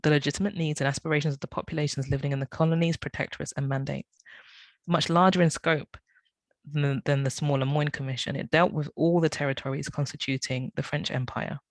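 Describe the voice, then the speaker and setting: A man's voice: a little high, dry recording, low-quality recording. A man reading a prepared academic talk, often stumbling and correcting himself. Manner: reads from notes, with frequent self-corrections and apologies. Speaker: academic speaker.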